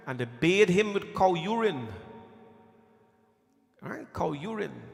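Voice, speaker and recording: Brief: male preacher, somewhat high voice, folksy storytelling sermon, long temple-hall reverb. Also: gravelly. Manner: folksy, conversational storytelling with repeated phrases. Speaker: preacher leading a scripture reading. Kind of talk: devotional sermon.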